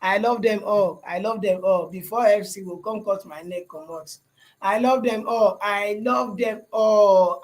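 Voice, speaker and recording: Lively young Nigerian man on a livestream. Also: high voice, poor audio. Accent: Nigerian English with Pidgin. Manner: repetitive, asks "you understand?". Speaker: livestream host. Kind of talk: casual livestream chat with viewers.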